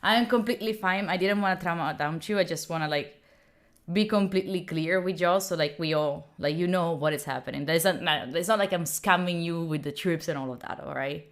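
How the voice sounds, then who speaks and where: A young woman from Italy, a streamer with an Italian accent, talks casually with her viewers, reading chat aloud and laughing often in an animated way. Her pitch is fairly low and her pace brisk.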